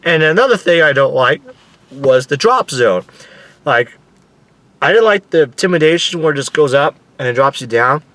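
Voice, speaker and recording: Young male vlogger, excitable storyteller, lively and fairly high voice. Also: moderate pace. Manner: excitable, animated, swears casually, acts out his own screams. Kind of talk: casual storytelling.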